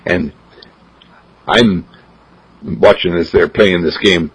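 A man telling a gentle, unhurried story. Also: low-pitched, fairly even intonation, husky. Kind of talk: spoken storytelling. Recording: dull lo-fi recording.

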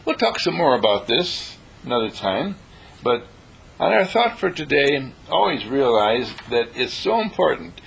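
A man delivers a motivational talk in a husky, gravelly voice. His pitch climbs and dips freely, and he acts out little exchanges in shifting voices. His tone is bright and pressing. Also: measured pace, poor audio. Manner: animated, acts out little dialogues in changing voices. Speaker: inspirational speaker.

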